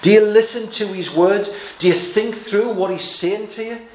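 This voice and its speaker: A man's voice: high voice, fairly even intonation, normal speed, a little mellow. A man preaching a sermon, explaining Bible passages verse by verse with a touch of humor. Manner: expository Bible teaching with light humor. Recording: echoey room, faint background noise.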